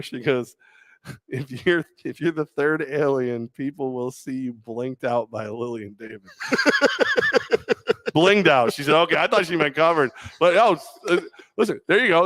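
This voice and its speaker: A man's voice: fairly high pitch, a bit bright, no room sound, clean studio sound. A man co-hosting a sports talk show, joking and rambling with a self-mocking streak. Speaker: co-host. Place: radio studio.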